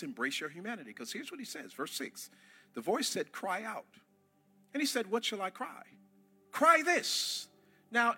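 A man preaching a sermon to a church congregation, impassioned, rising to shouts and calling on the crowd to answer. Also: on the high side, husky. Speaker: pastor.

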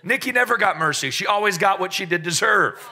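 A man's voice: high voice, animated, brisk, gravelly, background noise. A man preaching a sermon to a congregation, telling stories with joking asides and call-and-response. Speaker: pastor. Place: church service in front of a congregation.

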